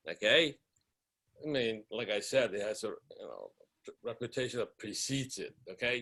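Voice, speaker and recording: Lively man asking an interview question. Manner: conversational, acting out reactions in a high squeal.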